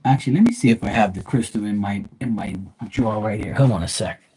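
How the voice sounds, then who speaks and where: A man's voice: lowish voice, fast, mellow, slightly rough, rough recording. A man hosting a live tarot stream from home, chatting casually and rambling, with some swearing.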